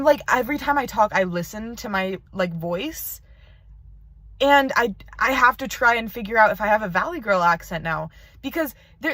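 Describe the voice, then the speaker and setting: A woman's voice: on the high side, sharp tone, dry recording. A teenage girl records a casual video message from her parked car, rambling and chatty with plenty of "like.". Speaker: video pen pal.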